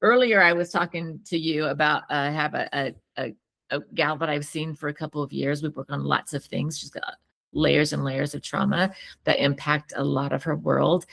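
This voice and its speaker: A woman's voice: sits low, vocal fry, fairly bright tone. A woman therapist and co-host in casual teaching chat, chatty, often restarting sentences and laughing while she tells stories.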